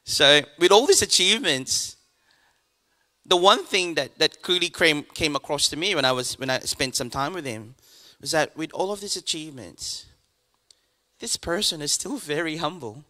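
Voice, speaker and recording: A man, a pastor introducing a guest speaker to his church, talking in a halting way with many restarts. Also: fairly high pitch, lively intonation, sharp tone. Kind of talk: church announcement.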